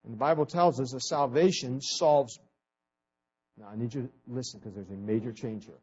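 A man preaching a sermon at a fast clip, stumbling over repeated words and swinging from loud emphasis to quiet asides. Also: medium pitch, breathy edge. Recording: dull lo-fi recording.

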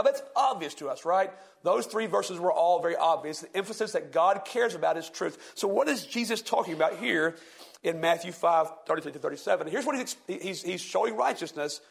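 A man preaching a sermon, slowly reading scripture with heavy emphasis and asking his listeners questions. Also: a little high, gravelly. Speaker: pastor.

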